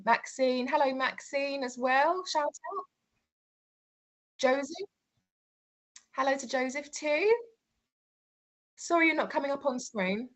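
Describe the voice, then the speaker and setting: A woman's voice: sits high, slow pace, long pauses. A woman co-hosting a casual online show, giggly and bubbly as she greets viewers by name. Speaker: co-host. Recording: lo-fi online stream audio.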